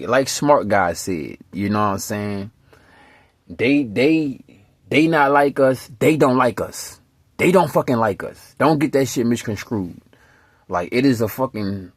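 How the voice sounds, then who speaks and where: A man talking straight to camera, profane and emphatic in rambling street slang. His voice sits fairly low. The recording is dry and close, with no room sound. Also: no echo. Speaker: vlogger. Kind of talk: rambling casual storytelling.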